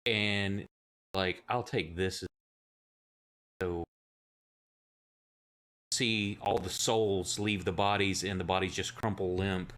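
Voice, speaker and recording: A man's voice: low-pitched, steady tone, slow, long pauses, a bit bright. A man narrating as game master, telling the scene loosely with plenty of swearing and fillers. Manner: loose, profane storytelling with fillers.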